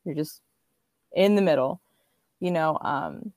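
A woman co-hosting a casual podcast, talking in a relaxed, rambling way with lots of ums. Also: low voice, slow, dry recording, clean studio sound. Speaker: podcast co-host. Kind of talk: casual chat.

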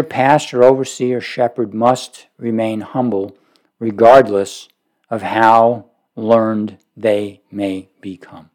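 A man preaching a sermon, speaking emphatically with sudden rises and low drops. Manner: emphatic, rising to forceful peaks then dropping low.

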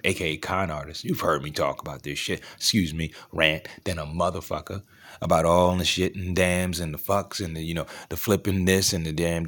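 A man hosting a solo show, delivering a profane, ranting monologue that swings from low muttering to raised outbursts. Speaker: ranting host.

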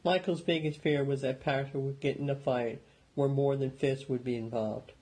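A man narrating an audiobook in a steady, measured storytelling manner. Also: mid-range voice, breathy edge, rough recording.

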